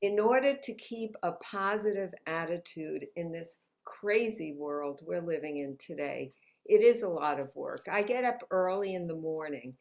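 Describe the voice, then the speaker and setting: This author, a woman guest in a conversational New York City interview, has a lowish, creaky, darkish voice that's expressive and moderately paced. Her delivery is upbeat and motivational, punctuated by frequent laughter.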